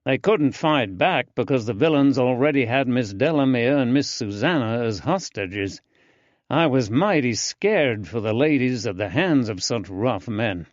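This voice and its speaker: A male narrator voicing an earnest, eager young man with a soft drawling accent in an audiobook. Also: mid-range voice, expressive, measured pace, no echo, muffled recording, lightly acted.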